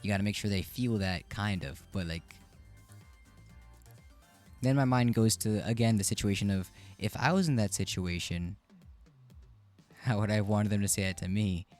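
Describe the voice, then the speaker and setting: Brief: rambling male streamer, lowish voice, faint music underneath. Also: normal speed, long pauses, a little mellow. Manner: chatty, rambling, self-interrupting. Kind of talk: casual live-stream reaction.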